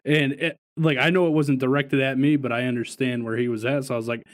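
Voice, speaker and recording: A man's voice: mid-range voice, fairly even intonation, fast talker. Profane, laughing podcast co-host man. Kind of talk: casual podcast chat.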